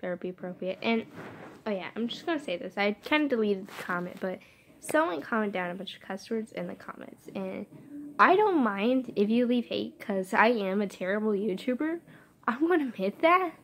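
A teenage girl vlogging to her phone camera in her bedroom, rambling and apologetic with lots of fillers, her voice hoarse from a sore throat. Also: medium pitch, animated, moderate pace, slight background noise. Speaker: YouTuber. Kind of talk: casual vlog chat. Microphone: phone camera held vertically.

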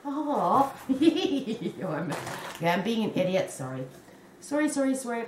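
A woman in her fifties unboxes a crochet gift and gushes with excitement. She talks slowly in a fairly high voice. The room is echoey, with a faint hiss underneath. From Canada. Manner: gushing and excitable, with many exclamations. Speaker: crochet vlogger.

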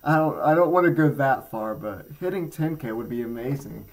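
A man's voice: mid-range voice, lively intonation, moderate pace, vocal fry, low-quality recording. A teenage boy rambling casually through a headphone review for his channel, with many fillers and self-mocking jokes. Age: teens. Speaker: gaming channel creator. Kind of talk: casual product review vlog.

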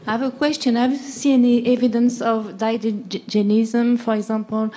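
A woman's voice: on the high side, level tone, moderate pace, mellow. Woman with a French accent asking a question. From France. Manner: hesitant, apologetic questioner. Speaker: audience member asking a question.

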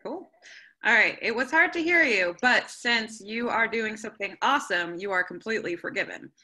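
A woman moderating a webinar panel on a video call, upbeat and quick to laugh. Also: medium pitch, expressive, sharp tone.

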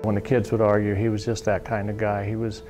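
A man in a documentary interview, speaking gently and fondly of someone, over soft guitar music. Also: fairly low pitch, monotone, a little fast.

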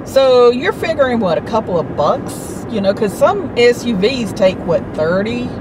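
A middle-aged woman tells a story in a casual, chatty way, her voice sitting fairly high. She sounds indignant as she draws out her telling. She is recorded outdoors near a car, with clear traffic noise around her. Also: big pitch swings, moderate pace. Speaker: vlogger.

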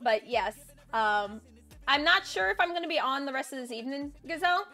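A woman streamer chatting casually and excitably on a live stream, swearing now and then. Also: sits high, brisk. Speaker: livestreamer.

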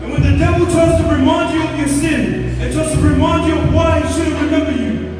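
High-voiced preacher in an echoing hall. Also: male voice, fairly even intonation, fairly quick. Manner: impassioned, rising to shouts. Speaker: evangelist. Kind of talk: altar-call sermon. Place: large concert hall. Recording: echoey hall, distant mic, music. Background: music playing under the sermon.

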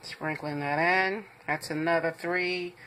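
A woman hosts a home cooking demonstration from her kitchen, chatty and reassuring as she talks straight to her viewers. Her voice sits a little low but comes across bright and forceful. A faint hiss of background noise runs under the recording. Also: fairly even intonation, slow pace. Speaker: cooking show host.

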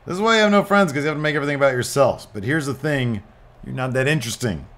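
A man voicing a brash male wrestler who taunts and shouts through a promo, reading it out over gameplay. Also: mid-range voice, animated, very fast, voice pushed up. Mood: mocking. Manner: cocky, taunting, shouting at the crowd.

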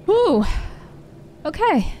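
A young woman streamer doing let's play commentary in a horror game, swearing and yelling at enemies. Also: very high voice, very animated, drawn-out words, a little hiss or hum. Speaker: gaming streamer.

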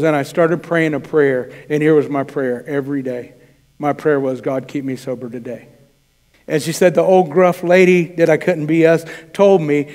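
A man's voice: on the high side, a little mellow. A man preaching a sermon as pastor, talking in a conversational way and acting out quoted dialogue. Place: church sanctuary. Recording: church hall reverb.

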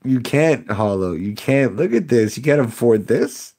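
A man's voice: mid-range voice, sing-song, measured pace, dark tone. A young man live-streaming card pack openings, chatting with viewers, sarcastic and laughing often. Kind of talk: casual live-stream chat.

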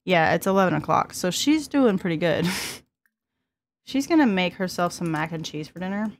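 A woman's voice: lowish voice, animated, normal speed, a little hiss or hum. A woman in her twenties hosting a casual gameplay commentary, chatty and giggly, talking to her characters as she plays. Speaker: let's play host.

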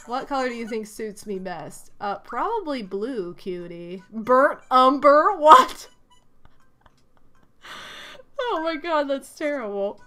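Bright-voiced woman streamer, slow-talking. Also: sits high, animated. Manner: reads villager lines aloud, bursts into loud exasperated outcries. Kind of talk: casual gameplay commentary.

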